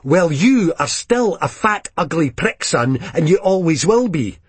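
A man's voice: a little high, very animated, unhurried, breathy edge, no echo, pitched above the performer's own voice, full character voice. A man voicing a fierce, foul-mouthed young Scottish woman, scornful and cutting, with a Scottish accent.

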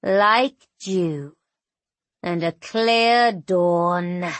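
A woman voicing a slow, gloating ancient djinn. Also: fairly low pitch, dry recording, pitched below the performer's own voice. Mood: gloating menace. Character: ancient cruel male djinn, menacing and cold. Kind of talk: audiobook narration.

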